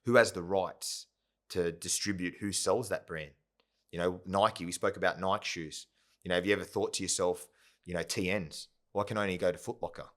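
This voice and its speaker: A company founder, appearing as a podcast guest, tells his story in a casual interview with a low, slightly bright voice, fairly even intonation, and moderate pace. He rambles, constantly checking in with "yeah?" and "right?".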